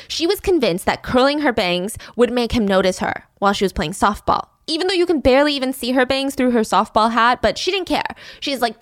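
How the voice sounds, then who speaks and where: A woman telling a funny story in a casual, animated, giggly way. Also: on the high side, a little fast, few pauses, dry recording, clean studio sound. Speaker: podcast storyteller.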